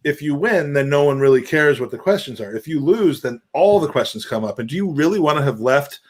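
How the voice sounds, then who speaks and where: A man's voice: on the high side, animated, a little fast. A man co-hosting a casual football chat, rambling and thinking aloud with restarts.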